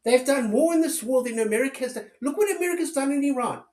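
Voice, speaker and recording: A man speaks fast in a very high-pitched, expressive voice with a darkish tone. As a political commentator in an angry rant, he curses heavily and fires sarcastic rhetorical questions, and the audio carries a roomy echo.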